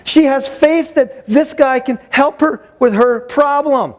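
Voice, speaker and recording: A male pastor delivering a sermon with a fairly high, lively voice. He tells the story with emphatic repetition, often restarting his words as he drives his point home. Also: slow pace. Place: church sanctuary.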